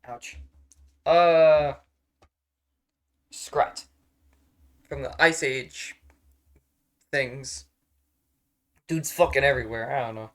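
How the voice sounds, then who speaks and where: A man's voice: medium pitch, very slow, pauses often. Profane, rambling male streamer. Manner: rambling, profane and easily exasperated. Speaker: streamer ranking characters on a tier list. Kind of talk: casual live-stream chat.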